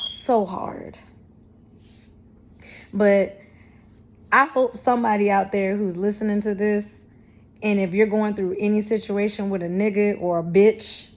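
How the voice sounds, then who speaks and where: A woman in her thirties talking candidly to camera, blunt and profane, with emphatic, self-affirming spiritual talk. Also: mid-range voice. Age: 30s. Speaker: vlogger.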